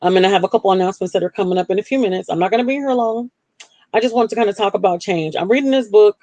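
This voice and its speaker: A woman's voice: very fast, warm tone, no echo. Earnest woman hosting a live broadcast. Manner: earnest and self-deprecating, jumps up in pitch to act out her past self. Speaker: livestream host. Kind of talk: candid personal talk on a live broadcast.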